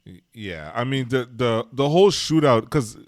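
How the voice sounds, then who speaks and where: A man's voice: mid-range voice, lively intonation, normal speed, dry recording. A man co-hosting a podcast, chatting eagerly about a film, repeating words and correcting himself mid-sentence. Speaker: podcast co-host. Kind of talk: casual film discussion.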